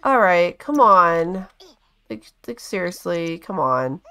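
A woman giving casual let's-play commentary, chatty and bossing her game characters around with quick exclamations. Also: on the low side, very animated, sharp tone. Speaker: gaming channel host.

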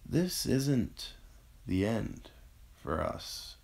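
Dying man, out of breath and straining for each word, read by a male narrator; low, rough edge. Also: big pitch swings, extremely slow, darkish tone, full character voice. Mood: gasping, tender. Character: dying young man, gasping, tender.

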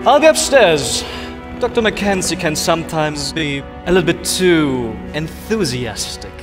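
Bossy official done by a man, commanding, bouncy pitch, music underneath. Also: lively intonation, measured pace. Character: stern male airfield official giving orders. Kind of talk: live stage puppet show acting.

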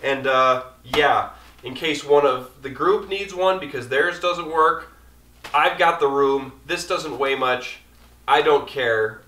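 A man's voice: fairly high pitch, slow, sharp tone, echoey room, recorded from a distance. A man casually rambling through his camping gear in an easygoing, chatty way as an outdoor vlogger.

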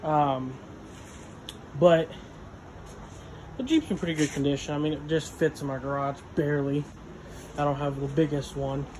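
A man's voice: fairly high pitch, normal speed, pauses often, darkish tone, a little hiss or hum. A man narrating casually while he works on a vehicle in his home garage, rambling with lots of fillers and sometimes out of breath. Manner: rambling, filler-heavy, talks while wrenching. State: out of breath at times. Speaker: garage vlogger. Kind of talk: casual work-along narration.

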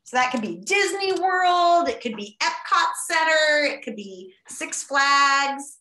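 A woman teacher running a playful class vote on a video call, animated, exclaiming and laughing often. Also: high voice, unhurried, echoey room, slight background noise.

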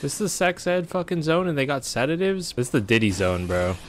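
A man's voice: fairly high pitch, very animated, a little fast, a little hiss or hum. A young man streaming a game, reacting with profane jokes and sudden yelps. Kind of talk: gameplay commentary.

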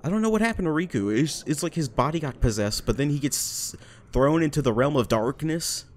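A man's voice: on the high side, lively intonation, a little fast. A man giving rambling, profane, jokey commentary while playing a game. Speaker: gamer. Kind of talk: let's play commentary.

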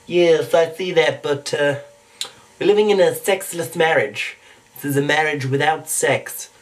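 A man's voice: on the high side, a little slow, lightly acted. A man voicing a haughty, scheming baby boy with a prim, clipped manner, in improvised impressions. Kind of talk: improvised one-take impressions. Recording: distant home mic.

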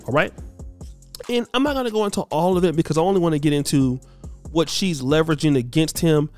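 A man's voice: fairly high pitch, fast, a little mellow, faint music behind. A man hosting celebrity gossip commentary in a chatty, hesitant way, with many fillers.

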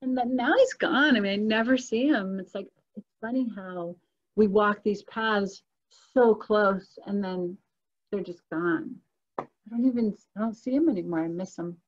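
A woman's voice: mid-range voice, normal speed, muffled recording. A woman telling a personal spiritual story in a casual, earnest and emotional way, as a guest on a video call.

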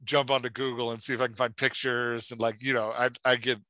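A man's voice: medium pitch, level tone, fairly quick, bright, forceful tone, dry recording. A man hosting a podcast and giving writing feedback in an enthusiastic, chatty way, with lots of "like". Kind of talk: casual chat.

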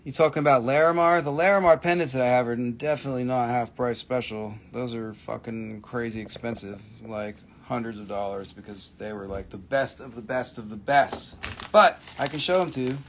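A man's voice: mid-range voice, brisk, slight background noise. A man hosting a live crystal sale, chatting casually with viewers, swearing freely and answering their questions. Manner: loose, profane, reads out viewer questions. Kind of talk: casual live-stream sales chat.

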